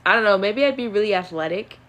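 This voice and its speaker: A young woman casually answering would-you-rather questions on her own channel, chatty and animated, with plenty of fillers. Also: medium pitch, fast talker. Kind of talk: casual chat.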